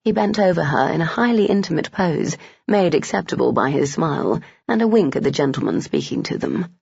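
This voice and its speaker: An audiobook narrator reading a romance novel in a measured storytelling manner. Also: mid-range voice, animated, gravelly, a little mellow, breathy edge, no echo, dull audio.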